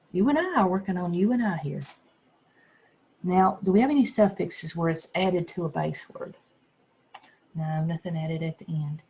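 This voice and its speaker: Gravelly-voiced teacher sounding out words. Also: medium pitch, a little mellow. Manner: patient, sounds words out slowly and spells letters. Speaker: second grade teacher. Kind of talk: phonics lesson for young children.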